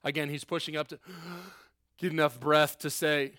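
A man's voice: on the high side, flat delivery, moderate pace, fairly bright tone, dry recording, clean studio sound. Earnest male pastor preaching plainly. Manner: earnest, emphatic, informal asides. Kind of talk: conversational sermon.

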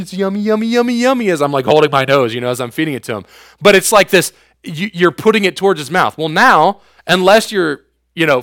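A man's voice: a little high, fairly bright tone, no echo, clean studio sound. A man in his thirties preaching a youth sermon as youth pastor, casual and slangy, with everyday asides to his listeners.

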